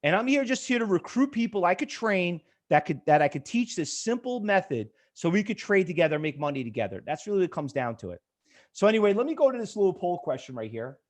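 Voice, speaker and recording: A man's voice: high-pitched, big pitch swings, quick pace. A man teaching a live trading webinar, blunt and pushy with viewers, rambling with many fillers. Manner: rambling, chatty, full of fillers. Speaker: trading educator.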